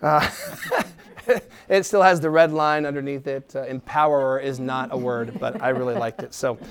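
A middle-aged man preaching a sermon, animated, acting out quoted voices and dropping to a soft tone for encouragement. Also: medium pitch, normal speed. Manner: drops to a soft, quiet tone for encouragement. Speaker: pastor.

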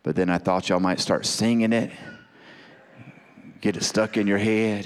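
A man preaching a sermon, repeating phrases and building to fervent shouts. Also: fairly low pitch, fairly even intonation, moderate pace, pauses often, clear, resonant tone. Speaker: pastor. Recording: long hall reverb.

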